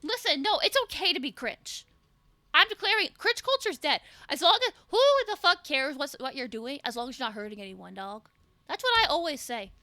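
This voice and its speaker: A woman's voice: high-pitched, expressive, brisk, pushed and bright, no room sound. A young adult woman VTuber streaming with the flu, chatting casually with her viewers, joking and swearing with lots of "like". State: sick with the flu. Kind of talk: casual live-stream chat.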